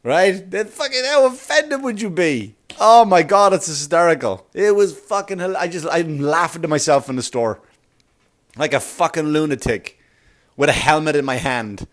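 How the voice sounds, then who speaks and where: A man's voice: fairly high pitch, animated, moderate pace. A middle-aged man hosting a comedy podcast, riffing in a rambling, profane monologue and laughing at his own jokes.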